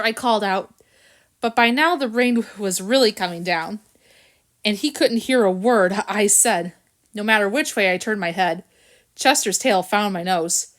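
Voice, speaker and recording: A woman reading a children's storybook aloud, narrating expressively and doing the characters' voices. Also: mid-range voice. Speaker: audiobook reader.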